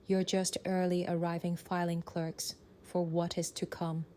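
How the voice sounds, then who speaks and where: A man voicing a calm, menacing, manipulative woman in an audiobook, in a soft, breathy half-whisper with a slow, taunting manner. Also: high-pitched, a little hiss or hum, pitched above the performer's own voice. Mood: coolly menacing. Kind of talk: audiobook character voice.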